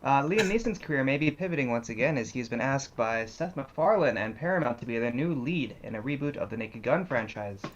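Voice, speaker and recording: A man's voice: mid-range voice, animated, a little fast, hardly any pauses, lo-fi sound. A man on a comedy panel, reading film news and playing along with the host. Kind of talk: casual comedy panel chat.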